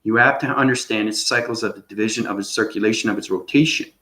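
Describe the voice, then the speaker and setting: A man's voice: on the low side, fast talker, sharp tone. Rambling man in an echoey room. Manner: rambling, repeats "okay?" often. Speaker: channel host. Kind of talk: unscripted spiritual monologue.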